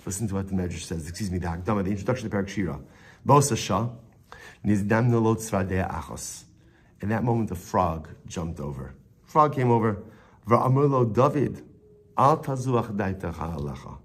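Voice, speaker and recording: A man's voice: fairly low pitch, lively intonation, a little fast, slightly rough. A man giving a Torah lesson as a rabbi, telling the story with Hebrew phrases woven in and often repeating words as he thinks.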